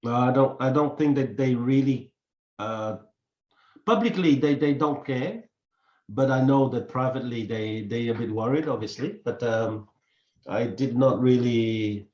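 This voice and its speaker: A man hosting a casual podcast chat, talking haltingly and often repeating words. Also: mid-range voice, a little mellow. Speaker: podcast host. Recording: echoey room, dull lo-fi sound.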